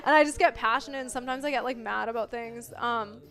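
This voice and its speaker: A young woman chatting casually on a live stream, expressive and full of filler words, jumping between loud bursts and mellow talk. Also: fairly high pitch. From Italian family background.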